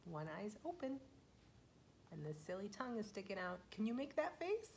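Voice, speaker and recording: A young woman leading a children's storytime as a librarian, speaking gently and slowly to small children and often dropping to a whisper. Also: mid-range voice, very animated, a little hiss or hum.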